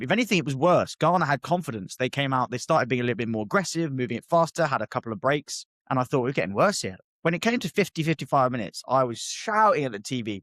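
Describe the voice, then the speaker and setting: A man co-hosting a football podcast, talking in animated, exasperated bursts. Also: mid-range voice, dry recording, studio quality. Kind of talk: casual football chat.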